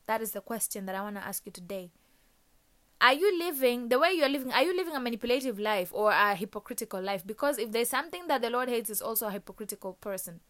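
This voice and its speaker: A woman preaching a sermon in a slightly high voice. She presses her listeners with one rhetorical question after another, in an earnest, exhorting way. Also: lively intonation, fast talker, a bit bright.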